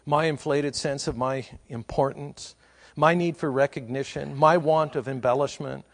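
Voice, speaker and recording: A man preaching a sermon, asking rhetorical questions and building to slow, emphatic repetitions. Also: medium pitch, fairly even intonation, vocal fry. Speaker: pastor.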